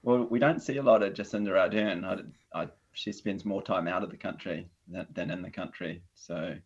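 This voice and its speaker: A New Zealand man with a very low, deep voice chats easily as a guest on a video call, and he keeps stopping and restarting his sentences. The sound is dull and lo-fi. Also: a little fast, slightly rough. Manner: relaxed, hesitant, many fillers and restarts. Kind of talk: casual conversation. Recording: dull lo-fi audio.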